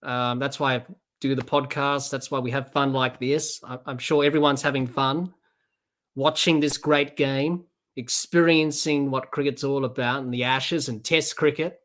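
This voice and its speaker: A woman hosting a live cricket watch-along podcast, excitable as she calls the play and answers viewer chat. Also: rumbling low, normal speed. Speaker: podcast host.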